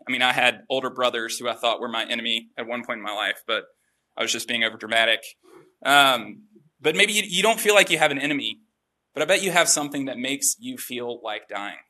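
A man giving a relaxed, chatty sermon with self-deprecating asides. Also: medium pitch. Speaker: preacher. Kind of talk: conversational sermon.

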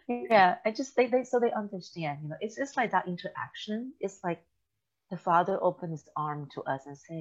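A woman's voice: lowish voice, normal speed, lo-fi sound. A middle-aged woman hosting a casual faith talk, telling stories with lots of laughter. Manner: animated storytelling, laughs often.

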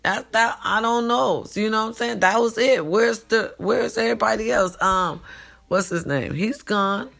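A woman's voice: fairly high pitch, normal speed, gravelly, a bit bright. A woman talking to her followers in an emphatic late-night monologue, repeating herself and calling out to them, recorded at home. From California. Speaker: vlogger.

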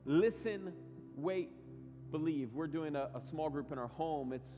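A man preaching a sermon, telling stories with lively acted quotes and frequent restarts. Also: a little high, a little slow, in a large hall, dull audio, over music. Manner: animated storytelling with acted quotes, many restarts. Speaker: pastor.

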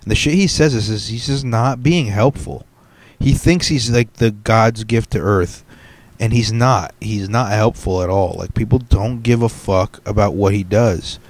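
A man's voice: fairly low pitch, measured pace. A young man hosting a solo podcast, ranting bluntly with heavy swearing. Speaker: podcast host.

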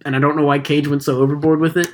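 A young man hosting a casual chat about movies, animated and quick to laugh. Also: on the high side, heavy background noise. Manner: animated, laughing, quoting movie lines in funny voices. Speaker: podcast host.

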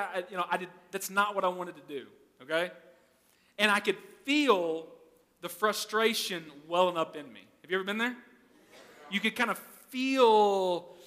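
Male pastor, conversational sermon delivery, high pitch, reverberant church hall. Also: pushed and bright. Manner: conversational, asks the congregation questions.

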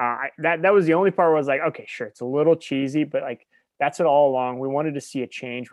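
A man's voice: medium pitch, no echo. A man co-hosting a casual podcast chat, talking eagerly and gushing about what he loves. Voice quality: enthusiastic, gushing. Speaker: podcast co-host.

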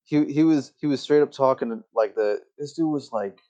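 A young man with a medium-pitched, dark-toned voice speaks at normal speed, co-hosting a casual podcast. He tells stories hesitantly, packed with fillers, on a dull lo-fi mic.

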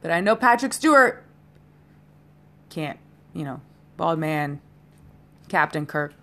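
A woman's voice: sits low, lively intonation, takes it slowly, a bit bright. A woman hosting a solo podcast, chatting in a rambling, casual way straight to her listeners, a little tipsy. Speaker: podcast host.

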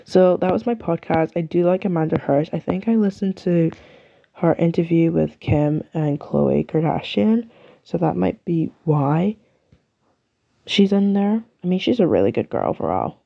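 Rambling young English woman, gravelly. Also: lowish voice, animated, moderate pace, lo-fi sound. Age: young adult. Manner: chatty, rambling, self-mocking. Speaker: podcast host. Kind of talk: casual solo podcast chat.

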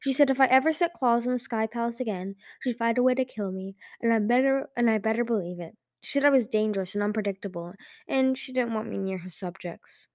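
A woman's voice: a little high, fairly quick, hardly any pauses, darkish tone, dry recording, studio quality, natural voice. A woman voicing a dangerous, lonely young female dragon in an audiobook reading, blunt and a little bitter.

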